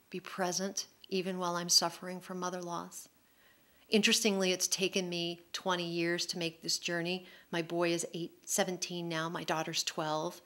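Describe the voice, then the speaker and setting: A middle-aged woman, an author, telling an emotional personal story at a public talk in a candid, quick-flowing way. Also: lowish voice, fairly bright tone. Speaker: author speaking at a public forum.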